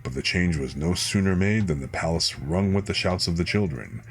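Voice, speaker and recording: A man calmly reading a fairy tale aloud as a bedtime story, unhurried, with small slips he corrects. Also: low-pitched, faint music behind. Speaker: streamer reading fairy tales.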